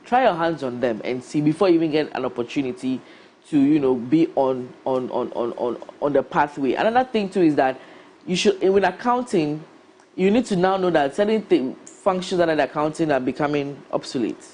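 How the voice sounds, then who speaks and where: Ghanaian woman, HR guest, mellow voice, emphatic adviser. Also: low-pitched, brisk. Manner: emphatic, advising, rhetorical questions. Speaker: HR professional guest. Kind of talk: career advice talk.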